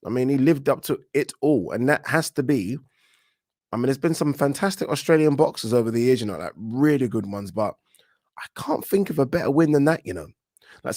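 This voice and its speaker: A man hosting a casual livestream, reading out viewer comments and giving animated, opinionated takes with frequent restarts. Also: medium pitch, no room sound, clean studio sound. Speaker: boxing channel host.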